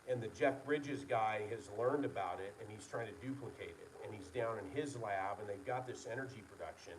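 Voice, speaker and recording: A man's voice: fairly low pitch, a little fast, far from the mic, a little hiss or hum, rough recording. A man, a licensed engineer, talking casually and earnestly to an online meeting, rambling and correcting himself as he goes. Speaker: licensed engineer presenting to his company's followers.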